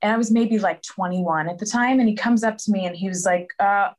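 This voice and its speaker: A woman in her thirties from the Philadelphia area, a singer chatting as an interview guest over a video call, animated and quick to laugh. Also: medium pitch. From Philadelphia area, USA. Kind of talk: casual interview chat.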